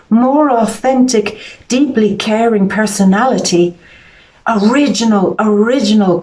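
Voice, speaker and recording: A woman's voice: a little high, a little mellow. Earnest, emotional woman tarot reader. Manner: earnest, repeats words, emotional. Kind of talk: psychic tarot reading monologue.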